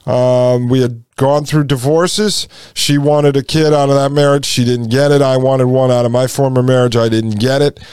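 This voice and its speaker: Smooth-voiced man in his forties. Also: mid-range voice, steady tone, moderate pace, hardly any pauses, darkish tone, no echo. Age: 40s. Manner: rambling, folksy, addresses listeners as folks. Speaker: podcast host. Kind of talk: casual storytelling monologue.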